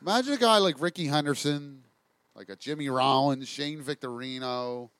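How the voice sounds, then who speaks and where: A man co-hosting a casual sports chat, lively and profane, often restarting his sentences. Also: medium pitch, moderate pace, dry recording.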